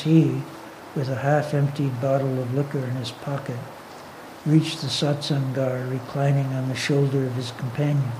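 A man narrating a story in a steady, measured reading voice. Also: mid-range voice, a little hiss or hum, poor audio.

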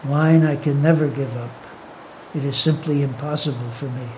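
A man's voice: medium pitch, steady tone, moderate pace, noisy background, natural voice. A man voicing a drunken peasant thief who begs stubbornly for forgiveness, in a raised, insistent voice within a read-aloud story.

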